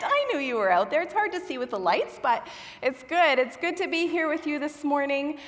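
A woman's voice: high voice, sing-song, a little fast, in a large hall. A young woman from children's ministry preaching a sermon on stage, chatty and self-deprecating, a little nervous. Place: church auditorium with stage lights.

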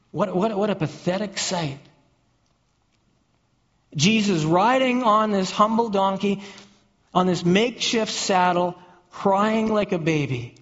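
A man preaching a sermon, telling the story vividly and repeating words as he builds a picture for listeners. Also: high voice. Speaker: pastor. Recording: dull sound with long hall reverb.

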